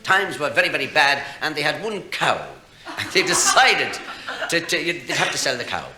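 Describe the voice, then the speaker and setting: A man's voice: fairly high pitch, animated, normal speed. An Irish man telling jokes on stage to a live audience, chatty and chuckling at his own punchlines. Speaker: stand-up comedian. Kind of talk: live stand-up storytelling. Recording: echoey live room, faint hiss.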